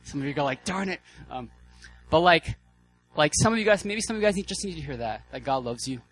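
Excitable, casual young-sounding preacher man. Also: a little high, fast, faint music behind, low-quality recording. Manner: casual, excitable, lots of fillers and restarts. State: out of breath. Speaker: guest preacher. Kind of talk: sermon.

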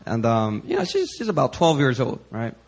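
A man preaching, telling a chatty testimony in an animated, storytelling way with lots of fillers. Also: a little high, a little fast, gravelly, husky, soft background music.

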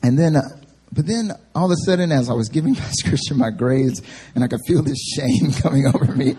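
Husky, animated young male preacher. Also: mid-range voice, brisk. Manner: animated, self-deprecating storytelling. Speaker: pastor. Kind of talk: sermon with humorous personal story. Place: church service.

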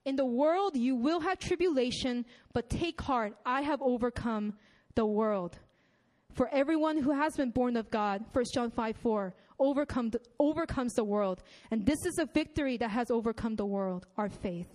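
A woman's voice: on the high side, normal speed, darkish tone. A young woman preaching a sermon in a conversational way, reading scripture and chatting with many asides and fillers. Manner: reads scripture aloud.

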